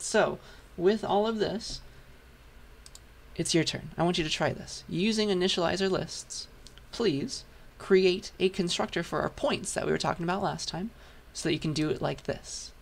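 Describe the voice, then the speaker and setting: A man lecturing a programming class, patient and step by step while writing, his voice hoarse. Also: fairly high pitch. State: hoarse, losing voice. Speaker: university lecturer. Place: lecture hall.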